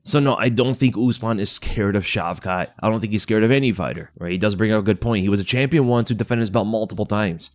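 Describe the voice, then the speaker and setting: Guy with a lowish voice doing sports commentary, opinionated, keeps saying right?, dry close sound. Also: a little mellow, no room sound. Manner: opinionated, asks rhetorical "right?". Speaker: YouTube MMA commentator. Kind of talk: scripted commentary monologue.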